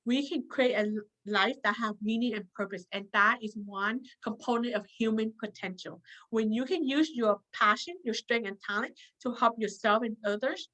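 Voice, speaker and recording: Heard in a low-quality recording, a workshop leader with a slightly high, bright and forceful voice guides a self-help session. She repeats points earnestly and regularly checks in with listeners, asking "okay?".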